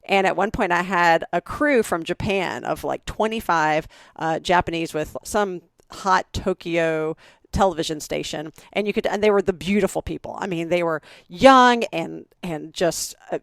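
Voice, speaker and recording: A woman in her forties, co-hosting a podcast, tells chatty, animated stories and acts out other people's lines. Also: on the low side, normal speed, gravelly, no room sound, clean studio sound. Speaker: podcast co-host. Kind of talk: casual storytelling chat.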